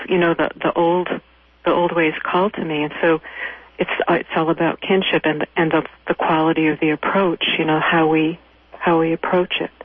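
A woman speaking as an interview guest, reflective and halting as she searches for words. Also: sits low, dry recording. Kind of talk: conversational interview. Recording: tinny phone-like line.

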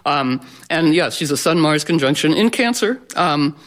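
Astrologer, male, a touch high-pitched; rambly, playful, restarts a lot, talking loosely to a live room. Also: animated, moderate pace, a bit bright. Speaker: astrologer giving a talk. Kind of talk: informal talk to a live audience.

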